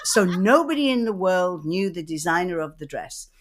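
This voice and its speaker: A woman from Manchester with a Mancunian accent, co-hosting a podcast and telling lively, rambling anecdotes in casual chat. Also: fairly low pitch, normal speed, a little hiss or hum. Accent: Mancunian English. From Manchester, England. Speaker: podcast co-host.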